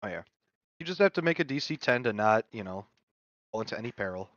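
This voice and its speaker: A man narrating as game master in a relaxed, easygoing way. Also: lowish voice, fast, no echo, dull audio. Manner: relaxed, easygoing, chewing while talking.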